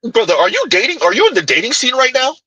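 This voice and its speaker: A man with a high, husky voice delivers heated reaction commentary. He jumps all over his pitch as he fires off mocking rhetorical questions. The recording is dry and close. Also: wildly swooping pitch, fast talker, pushed and bright, dry recording, poor audio.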